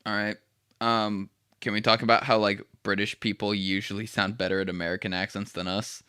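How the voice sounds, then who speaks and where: A man's voice: fairly low pitch, flat delivery, a little fast, sharp tone, clean tone. A young man co-hosting a podcast, chatting casually and animatedly, swearing and laughing often. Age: young adult. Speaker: podcast co-host. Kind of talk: casual chat.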